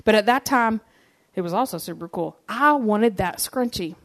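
A woman's voice: medium pitch, lively intonation, normal speed. Conversational woman preaching with humor. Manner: conversational and humorous, addresses the audience directly. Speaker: speaker giving a church message. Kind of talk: sermon with personal storytelling.

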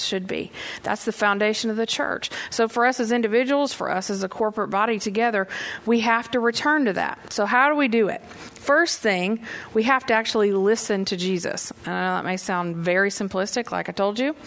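A woman's voice: medium pitch, normal speed, fairly bright tone. A middle-aged woman giving a sermon in a conversational storytelling way, acting out her own reactions. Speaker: women's ministry leader preaching.

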